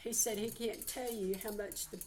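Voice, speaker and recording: A woman's voice: mid-range voice, fairly even intonation, moderate pace, darkish tone, a little hiss or hum. A woman, giving a heartfelt channeled psychic reading. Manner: heartfelt, earnest, relays messages.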